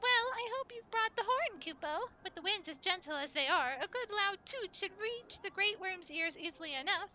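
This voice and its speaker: A woman voicing a small, chirpy moogle creature in a squeaky, high put-on voice while reading game dialogue aloud. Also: lively intonation, moderate pace, few pauses, pushed and bright, dull audio, soft background music, full character voice. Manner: bubbly, ends lines with 'kupo'.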